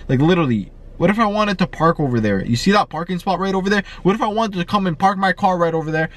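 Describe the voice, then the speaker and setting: A young man vlogging in an excited, slangy way, often repeating himself. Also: high-pitched, fast, hardly any pauses. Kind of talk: excited casual vlog.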